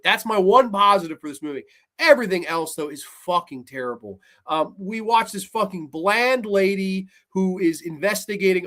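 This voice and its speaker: A man's voice: high-pitched, fairly bright tone. A man reviewing a horror film in a heated, exasperated rant full of profanity.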